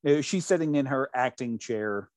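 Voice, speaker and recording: A man's voice: mid-range voice, normal speed, dry recording. A man hosting a show in casual chat, retelling anecdotes in a rambling way with lots of restarts.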